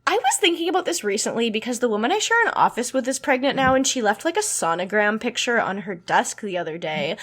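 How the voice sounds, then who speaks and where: A woman's voice: on the high side, very animated, fast, few pauses, fairly bright tone. A woman co-hosting a podcast in casual chat, swearing and laughing as she retells scenes. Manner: chatty, swearing, laughing, quoting characters. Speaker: podcast co-host.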